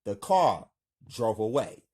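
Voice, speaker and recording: A man's voice: fairly low pitch, sing-song, takes it slowly, darkish tone, slightly rough. A man reading his own drama script aloud with stage directions, in a plain, unpolished way.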